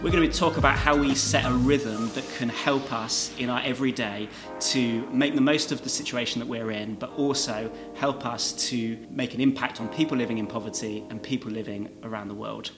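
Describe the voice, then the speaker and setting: A man hosting a casual podcast, friendly and quick to laugh, recorded in a church hall. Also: mid-range voice, fairly even intonation, music in the background. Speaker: podcast host.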